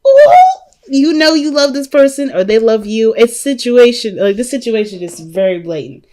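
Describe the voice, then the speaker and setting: A woman's voice: a little high, normal speed, darkish tone. A woman giving a casual tarot reading to her viewers, chatty and emphatic, often saying "you know" and "right?". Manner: addresses viewers as "family" and "y'all". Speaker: tarot reader.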